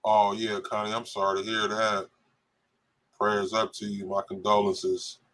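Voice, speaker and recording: Joking podcast co-host, low voice. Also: male voice, monotone, a little slow, a bit bright. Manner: joking, laughs often, reads viewer comments aloud. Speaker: podcast co-host reading live chat. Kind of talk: casual live-stream chat.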